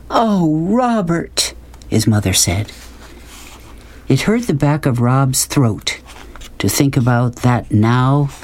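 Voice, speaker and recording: A man narrating an audiobook. His voice sits at a middle pitch and he tells the story in a calm, even way. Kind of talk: scripted narration.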